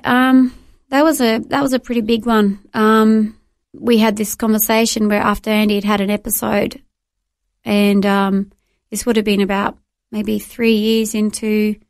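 An Australian woman in middle age recounts her testimony in a heartfelt, halting way, circling back and restarting as she speaks. Her voice carries a noticeable gravelly fry. The sound is dry and close to the mic. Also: mid-range voice, darkish tone, dry recording. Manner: earnest, emotional, halting with repeated restarts. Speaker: guest. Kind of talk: personal testimony in a faith interview.

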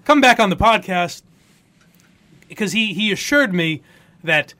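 Lively high-voiced man hosting. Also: a little slow, dry recording. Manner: animated storytelling, mock voices for others. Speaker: podcast host. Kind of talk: casual podcast chat.

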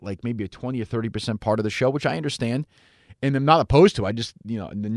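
A man's voice: no echo, clean studio sound. A man hosting a podcast in a casual, rambling monologue, swearing freely as he answers listener mail. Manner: rambling and profane, with frequent fillers and wide swings in pitch. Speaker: podcast host.

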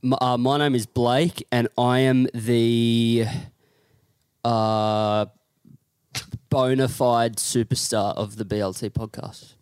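A man's voice: mid-range voice, fairly even intonation, slow pace, a little mellow, clear, resonant tone, dry recording, studio quality. A man, a comedian co-hosting a podcast with mock-grandiose banter.

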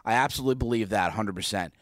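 A man's voice: fairly low pitch, racing, no echo, clean studio sound. A man co-hosting a podcast, talking casually about a TV episode, hesitant with stammering restarts. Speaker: podcast co-host.

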